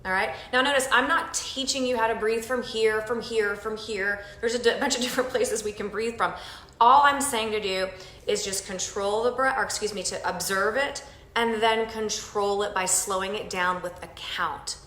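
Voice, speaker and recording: A woman teaching yoga, gently and calmly guiding a breathing exercise with counts. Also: mid-range voice, moderate pace, reverberant, poor audio. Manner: gentle, calm and encouraging. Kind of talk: guided breathing lesson.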